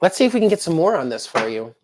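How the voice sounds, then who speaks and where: Woman, low pitch, very animated, chatty tarot reader on a livestream. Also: quick pace, background noise. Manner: chatty, upbeat, talks to viewers directly. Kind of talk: live-streamed tarot reading.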